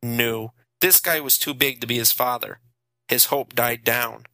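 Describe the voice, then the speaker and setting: A man narrating a horror audiobook in steady, dramatic storytelling. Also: mid-range voice, a little slow, dry recording, poor audio. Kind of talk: scripted narration.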